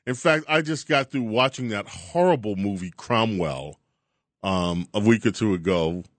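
Man, radio host, chatty monologue, animated pitch, dry studio sound. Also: unhurried, no echo. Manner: chatty, animated, chuckling asides. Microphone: studio mic.

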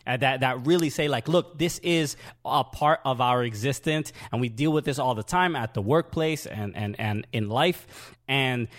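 A man co-hosting a comedy podcast in casual chat, talking in an earnest, halting way with many restarts. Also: mid-range voice. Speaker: podcast co-host.

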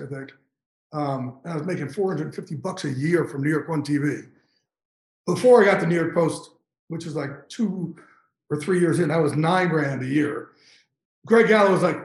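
A man's voice: a little high, echoey room, rough recording. A man in his fifties, a guest on an interview show, telling an emotional story with intense, profane energy and getting choked up. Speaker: guest, NFL insider.

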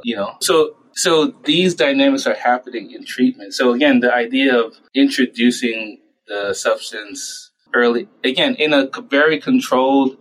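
A man in his thirties or so answers interview questions in an easy, conversational way. His pitch sits in an ordinary middle range, and he slips into quick voices to act out parents and himself. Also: a bit bright, rough recording. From United States. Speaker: child and adolescent psychiatrist.

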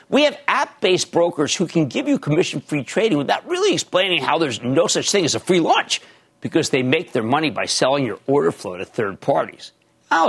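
A man hosts a stock market show with a high, sharply rising and falling voice. His delivery is loud and theatrical, full of shouted bursts, and carries a husky edge. Faint music plays under the broadcast. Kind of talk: fast, theatrical market commentary. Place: TV studio.

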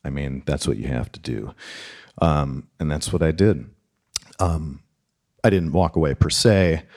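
A man telling a personal story on stage, animated, swearing and stammering as he acts out what people said. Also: extremely low pitch, a little slow.

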